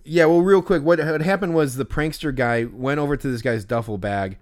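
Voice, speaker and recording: A man's voice: a little high, a little fast. A man co-hosting a podcast, telling a story in casual chat, rambling with many fillers and restarts. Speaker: podcast co-host.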